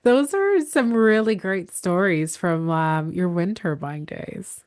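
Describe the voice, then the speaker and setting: A woman's voice: on the low side, expressive, slow pace, darkish tone, no echo, clean studio sound. A woman hosting a podcast interview, encouraging her guest with frequent backchannel murmurs. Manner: encouraging, many backchannel "mm-hmm"s. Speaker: podcast host. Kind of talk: casual interview talk.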